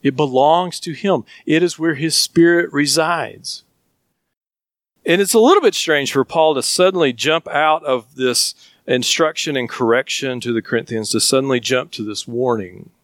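A man's voice: mid-range voice, normal speed, a bit bright, no room sound, clean studio sound. A man with a Southern US accent preaching a sermon as a pastor, earnest and emphatic, often asking questions.

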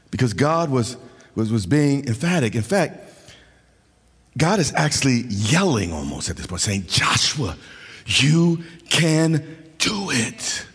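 Male preacher, husky, fervent, swings from sung cadences to shouts; long hall reverb, lively high-ish delivery. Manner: impassioned, shifts between shouting and sing-song preaching cadence. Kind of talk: sermon.

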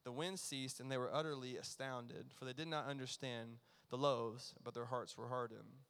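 A man preaching a sermon as pastor, earnest and emphatic, sometimes dropping to a near hush. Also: medium pitch, steady tone, normal speed, creaky, clean tone. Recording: long reverb of a large hall.

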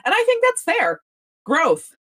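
A woman's voice: very high-pitched, huge pitch swings, a little slow, a bit bright. A woman co-hosting a podcast in casual chat, blunt and swearing, with mock exasperation. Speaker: podcast co-host.

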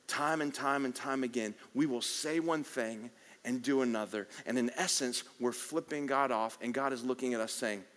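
A man preaching a sermon at a worship service, telling the story with animation and swinging from loud to hushed. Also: mid-range voice, normal speed. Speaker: pastor. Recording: echoey hall reverb.

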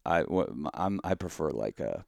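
A man's voice: extremely low pitch, very animated, normal speed, vocal fry, a little mellow, dry recording, studio quality. A man, a podcast co-host telling a rambling, profane story full of "like" and mock-outraged quotes. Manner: rambling, heavy use of "like". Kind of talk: casual storytelling.

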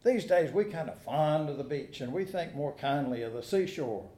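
Animated and moderately paced, a pastor with a mellow voice on the high side delivers a sermon of folksy anecdotes, dry humor and rhetorical questions. The church sanctuary gives the sound a noticeable echo.

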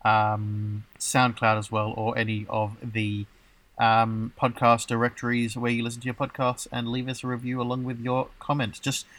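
A man with a bright, forward voice hosts a relaxed podcast chat. He rambles playfully, and his talk is full of fillers and restarts. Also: medium pitch, normal speed. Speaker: podcast host.

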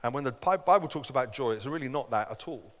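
A man's voice: medium pitch, expressive, quick pace, fairly bright tone. A middle-aged man preaches in an earnest, conversational way. He slips into the voices of the people he quotes. His words ring out with a long hall reverb. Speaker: pastor. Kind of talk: sermon.

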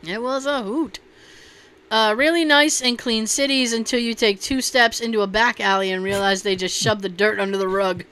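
A woman's voice: mid-range voice, fairly even intonation, fairly quick, few pauses, fairly bright tone, clean tone. A woman hosting a casual chat, reading posts aloud and reacting with loose, profane jokes. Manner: profane, laughing, loose and joking.

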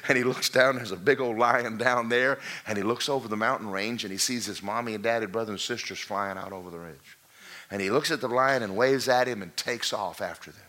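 A pastor in the middle of a sermon tells a jungle parable with lots of animation. His voice is lowish and carries a bright, forceful edge. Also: fairly quick. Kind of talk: sermon storytelling.

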